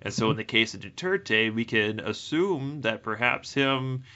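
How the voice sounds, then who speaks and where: A man co-hosting a casual chat podcast, animated and playful in his manner. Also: medium pitch, measured pace, highs cut off. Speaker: podcast co-host.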